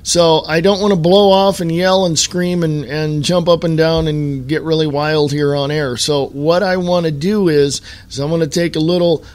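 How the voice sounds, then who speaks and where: A man with a slightly raised pitch talks straight into a home podcast mic. He speaks as a talk-radio host in a running monologue, pressing each point with slow, heavy emphasis and repeats. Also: steady tone, a little mellow. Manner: emphatic, repetitive, slowed stress on key words.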